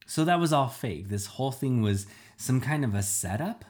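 Reading a storybook aloud, a man voices a hurt young boy who is upset and protesting in defense of his father. His medium-pitched, darkish voice is animated and moderately paced, pitched a little above his own yet close to an everyday voice.

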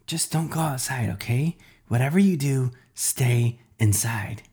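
A man's voice: medium pitch, unhurried, darkish tone, slightly rough, pitched above the performer's own voice. A man voicing a worried father whispering urgently over the phone in a storybook reading. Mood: urgent hushed.

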